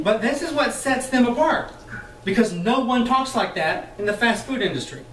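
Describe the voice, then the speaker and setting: A man leading a sales training session for a live group, talking in a lively, chatty way, laughing often and acting out the voices he quotes. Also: very high voice, moderate pace, slight background noise. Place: meeting room with an audience. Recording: echoey room, mic far off.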